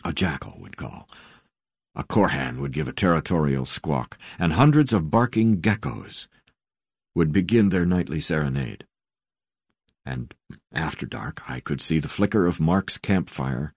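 A man reading a memoir aloud as an audiobook narrator, in a measured, unhurried way with soft drops in volume. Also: rumbling low, lively intonation, breathy edge, no room sound, clean studio sound.

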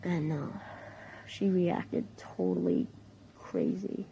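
A woman's voice: fairly low pitch, steady tone, takes it slowly, gravelly, dark tone, slight background noise, rough recording. A seventeen-year-old girl talking casually about her life, with lots of fillers and restarts. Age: teens. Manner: casual, rambling with many fillers. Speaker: teen diarist. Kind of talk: personal audio diary.

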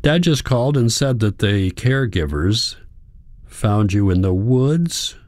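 A man's voice: fairly low pitch, lively intonation, measured pace, darkish tone, dry recording, studio quality, voice pushed up. A man voicing a worried young woman, a university student pleading earnestly with her grandfather.

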